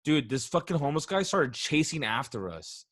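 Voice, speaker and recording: A man's voice: fairly high pitch, big pitch swings, normal speed, fairly bright tone, no echo, clean studio sound. A man in his twenties co-hosting a podcast, telling stories in a rambling casual way, swearing often. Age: 20s. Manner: rambling, swears often, says "dude" and "bro". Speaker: podcast co-host. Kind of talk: casual chat, storytelling.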